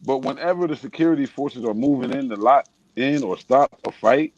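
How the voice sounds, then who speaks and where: A man's voice: mid-range voice, fairly quick, a little mellow, lo-fi sound, a little hiss or hum. A man in a political discussion telling a personal story, casual and emphatic.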